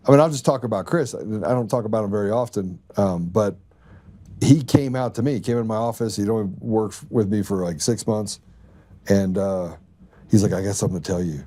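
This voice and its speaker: A man's voice: lowish voice, normal speed, dark tone. A man hosting a podcast, chatting casually and telling a story while laughing often and acting out quoted dialogue. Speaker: podcast host. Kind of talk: casual chat.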